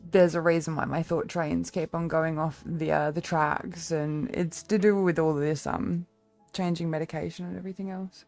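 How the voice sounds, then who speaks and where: A woman's voice: low voice, fairly even intonation, moderate pace, darkish tone, faint music behind. A woman streamer chatting casually with her viewers, rambling, with lots of fillers.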